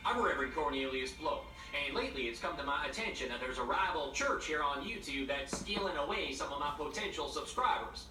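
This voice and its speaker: A man playing a smug, rambling backwoods preacher, with a put-on drawl and deadpan insults. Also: fairly high pitch, brisk, hardly any pauses, over music, pitched above the performer's own voice, close to an everyday voice. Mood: mock-solemn. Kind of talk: comedy sketch monologue to camera. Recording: roomy echo, slightly distant mic.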